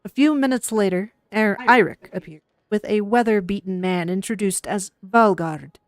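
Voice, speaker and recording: With a mid-range voice at a moderate pace, a streamer alternates between reading game narration and casual, playful chat, speaking of herself in the third person. The sound is studio quality, with no room sound.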